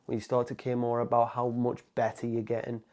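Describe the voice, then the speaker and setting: A man's voice: medium pitch, completely flat delivery, brisk, a little mellow. A man, a motivational coach, talking straight to camera in an emphatic, casual way and calling the viewer "man". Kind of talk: direct-to-camera motivational talk.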